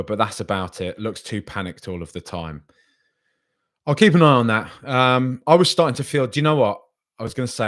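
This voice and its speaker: Man, rambling podcast host. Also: on the low side. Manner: rambling and hesitant, then argumentative and exasperated. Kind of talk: casual live-stream commentary reading viewer comments.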